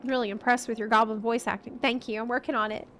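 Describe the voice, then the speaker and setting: A woman streamer chatting casually and reacting out loud while she plays a video game. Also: a little high, little pitch movement, quick pace, faint music behind. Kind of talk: casual gameplay commentary.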